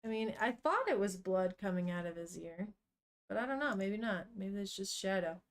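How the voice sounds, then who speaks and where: A woman's voice: medium pitch, lively intonation, normal speed. A woman streamer reading a manga aloud and chatting casually with her viewers, laughing often and swearing now and then.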